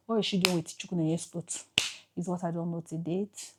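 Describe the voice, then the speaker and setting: A Nigerian woman vlogger telling an emotional personal story to camera, halting and repeating herself as she goes. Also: fairly low pitch, husky.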